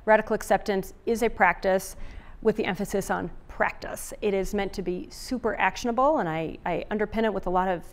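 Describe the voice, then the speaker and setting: A middle-aged woman talks through relationship advice in a loose, conversational way. She is chatty, with frequent fillers and restarts. Her pitch sits at an ordinary middle level for a woman. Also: brisk. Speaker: relationship author and speaker. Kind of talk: summit talk, casual and conversational.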